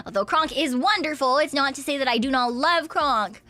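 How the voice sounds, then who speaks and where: Bright-pitched woman streamer, playful casual chat, giggles and repeated yeses, soft music underneath. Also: expressive, normal speed.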